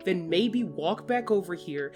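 A woman's voice: lowish voice, expressive, a little slow, a little mellow, soft background music. A woman playing a hero in a tabletop game, heated and swearing. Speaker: player.

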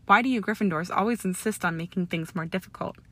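A woman voicing a scornful, hot-tempered young male wizard who snarls and shouts in an audiobook reading. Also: medium pitch, fast, lightly acted. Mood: angry, shouting.

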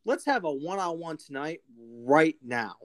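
A cocky male wrestler, quick with a jab. A narrator reads his lines plainly, without putting on a voice. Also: mid-range voice, animated, dry recording, clean studio sound, lightly acted. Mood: smug.

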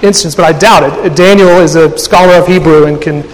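A man's voice: on the high side, fairly even intonation, a little fast. A man preaching a sermon in a thoughtful way, often restarting and repeating words as he works through an idea. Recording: long hall reverb.

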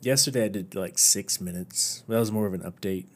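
A man's voice: sits low, fairly quick, slight background noise. A man hosting his own podcast alone, chatting casually in a rambling, self-deprecating way. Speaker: podcast host. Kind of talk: casual solo podcast chat.

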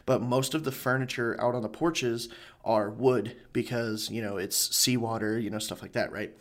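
A man in casual conversation, rambling through a story with plenty of fillers and swearing. His voice sits at an ordinary middle pitch. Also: moderate pace.

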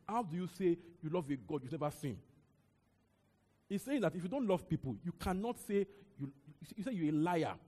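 A young adult man with a Nigerian accent preaches a sermon in a lively, conversational style full of repeated words and asides. His voice is husky and pitched on the high side, and a long hall reverb trails each phrase.

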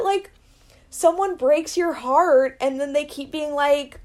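A woman co-hosting a podcast in casual chat, animated and quick to laugh. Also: sits high. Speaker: podcast co-host recapping a reality show.

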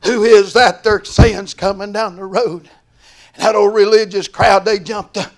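An older preacher with a gravelly, fry-laced voice, fairly high for a man. He preaches slowly in a sing-song style, dropping to a murmur and then rising to a shout. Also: steady tone. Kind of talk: old-time sermon.

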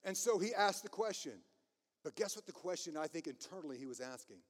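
Passionate high-voiced preacher in a hall. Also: male voice, animated, fairly quick. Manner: passionate, emphatic, laughs at himself. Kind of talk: sermon.

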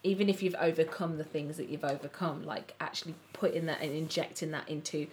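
A woman's voice: low-pitched, fairly even intonation, fairly quick, darkish tone, slight background noise. A woman co-hosting a podcast, talking in an earnest, reflective way. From English Midlands. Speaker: podcast co-host. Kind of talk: casual chat.

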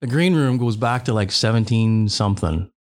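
A man's voice: on the low side, moderate pace, a little mellow, no room sound, clean studio sound. A man co-hosting a casual podcast chat, rambling with many restarts and stammers.

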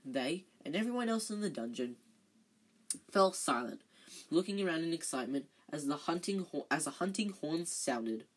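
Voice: mid-range voice, animated, normal speed, slightly rough. An amateur reader reading a novel aloud, often stumbling and correcting themselves with chatty asides.

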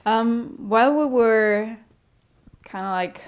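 Woman podcast co-host, slow unhurried delivery, giggly and hesitant, casual chat. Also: on the high side, a little hiss or hum.

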